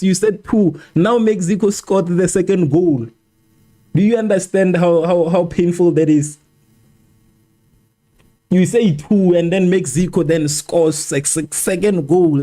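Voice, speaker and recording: A man's voice: on the high side, warm tone. Exasperated man streaming a match. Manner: exasperated, repeats himself, argues with chat. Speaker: livestream host. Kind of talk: live match watchalong reaction.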